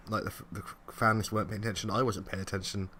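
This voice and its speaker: A young man with a very low voice, recapping wrestling with a co-host in loose, chatty fashion. He laughs a lot and slips into quick impressions of the people he talks about, with a faint hiss under the recording. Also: fairly even intonation, pushed and bright. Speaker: podcast co-host. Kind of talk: casual wrestling review chat.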